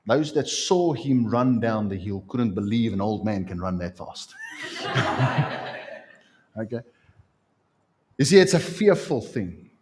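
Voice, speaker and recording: Man, pastor, sermon, conversational, lively intonation. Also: fairly low pitch. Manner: animated, conversational preaching.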